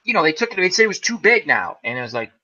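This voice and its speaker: Here a man leading an informal fireside chat rattles off a lengthy story at rapid-fire speed, his voice high. He impersonates the people in the tale and keeps laughing, all heard through muffled, lo-fi sound.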